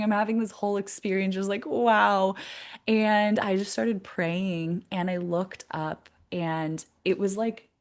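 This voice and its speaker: A woman guest on a podcast, telling a personal story in a lively, chatty way and laughing often. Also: medium pitch. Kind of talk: casual interview storytelling.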